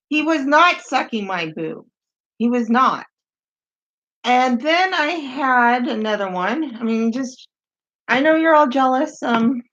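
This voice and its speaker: A woman reading out strange dating-site messages in a comedic, deadpan way, with wry asides. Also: fairly high pitch. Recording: dull lo-fi sound.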